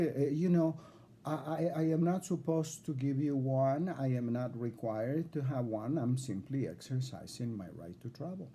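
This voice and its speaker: Indignant man with a very dark voice. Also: medium pitch, moderate pace. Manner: indignant, lecturing, repetitive. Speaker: self-represented litigant addressing a judge. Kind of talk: recorded complaint video.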